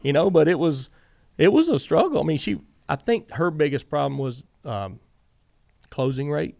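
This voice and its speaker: Southern guy, middle-aged, gravelly voice, rambles thru his stories w lots of "i said", dry close sound. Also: on the high side, moderate pace, darkish tone, no echo. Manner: rambling anecdotes, quoting himself and others with many "I said". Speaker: guest, former racing crew chief. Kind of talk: casual storytelling interview.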